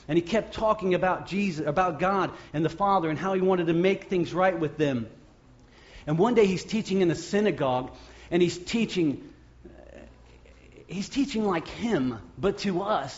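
A man's voice: fairly high pitch, a little mellow. Lo-fi storytelling preacher, a man. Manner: storytelling preacher acting out scripture scenes. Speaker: pastor. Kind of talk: sermon. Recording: lo-fi muffled sound.

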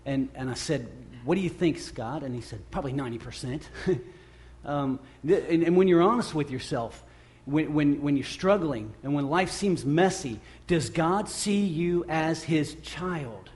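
A middle-aged man preaching a sermon, earnest and halting, with many repeated restarts, who grows louder when he acts out the scripture. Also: on the high side, animated. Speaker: pastor.

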